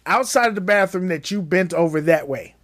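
A man in his thirties co-hosting a casual, crude podcast chat, animated and joking. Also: high-pitched. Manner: animated, joking, quick rises into laughter. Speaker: podcast co-host.

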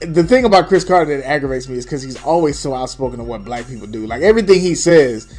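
A man's voice: mid-range voice, lively intonation, fast, a little mellow, faint music behind. A young adult man co-hosting a casual sports chat, talking bluntly and profanely with a dismissive edge. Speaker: podcast co-host.

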